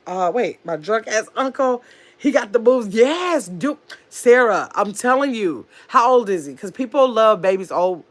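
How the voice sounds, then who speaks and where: A woman chatting casually on her livestream, telling stories and reading viewer comments aloud. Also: mid-range voice. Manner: chatty, animated storyteller, reads comments aloud. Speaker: livestream host.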